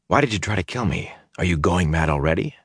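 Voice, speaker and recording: A man's voice: deep voice, animated, fast, slightly rough, no echo, clean studio sound, exaggerated voice. A man reading an audiobook voices a blunt young man who keeps his voice level and restrained. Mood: guarded. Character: blunt, guarded young man with yellow eyes.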